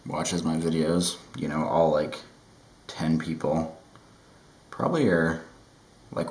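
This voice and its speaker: A man giving a relaxed, rambling makeup tutorial at home, with self-deprecating asides. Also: extremely low pitch, unhurried, pauses often, reverberant, rough recording. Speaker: makeup vlogger. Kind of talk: casual chatty tutorial.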